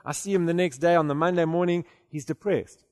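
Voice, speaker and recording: A man's voice: on the high side, steady tone, brisk, a little mellow, long reverb tail. A man preaching a sermon in a conversational way, often repeating words and then rising to emphatic declarations.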